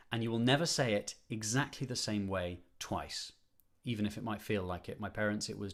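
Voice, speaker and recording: A man's voice: fairly low pitch, moderate pace. A man leading an online choir rehearsal, explaining phrasing patiently, repeating points for emphasis, with light self-deprecating humor. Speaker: choir conductor.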